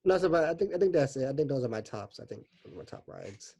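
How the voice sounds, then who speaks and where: Casting: fast-talking man, podcast co-host, mellow tone, stammers through ideas. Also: medium pitch, big pitch swings, creaky, breathy edge. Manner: halting, repeats words while searching for thoughts. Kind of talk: casual podcast chat.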